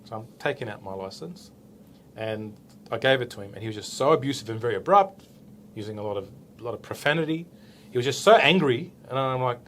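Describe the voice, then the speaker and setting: Quick-paced and mid-range, this Australian policeman in his forties tells a casual story while being interviewed. He acts out what people said, stays animated, and checks in with "right?" Slight background noise is audible.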